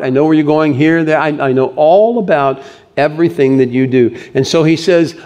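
A man preaching a sermon, animated, swinging between raised emphasis and hushed delivery. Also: on the high side, fairly quick. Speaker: pastor.

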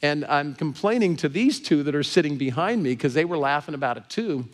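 An American pastor tells a personal story to his congregation, his voice sitting a touch higher than most men's. He is animated and expressive, and he gets more excited and pushes his voice up as the story builds. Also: fairly quick. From Southern California. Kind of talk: sermon storytelling.

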